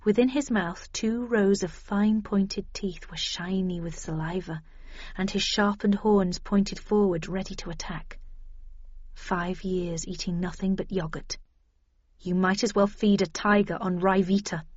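A woman giving a steady scripted audiobook narration in the first person. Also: on the low side, normal speed, breathy edge, no echo. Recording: dull lo-fi dry recording.

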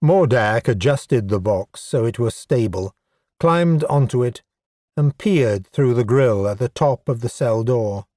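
Slow measured guy reading a fantasy audiobook, wry tone, dry close studio sound. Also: medium pitch, lively intonation, mellow, dry recording. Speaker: audiobook narrator. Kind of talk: scripted narration.

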